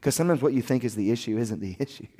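A soft-spoken man preaching a sermon as a pastor, telling his story in an earnest, confessional way. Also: mid-range voice, very fast. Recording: long hall reverb.

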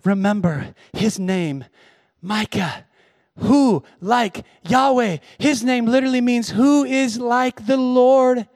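Male pastor, high voice, dry close sound, sermon from hushed to shouting. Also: slow, dry recording. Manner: swings from hushed intimacy to shouted exhortation.

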